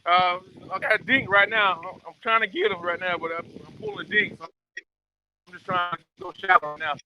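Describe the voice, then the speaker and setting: A man's voice: high voice, a little fast, lo-fi sound, a little hiss or hum. A man calling in from the lake, giving loose, upbeat updates from outdoors under a bridge. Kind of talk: casual phone livestream update.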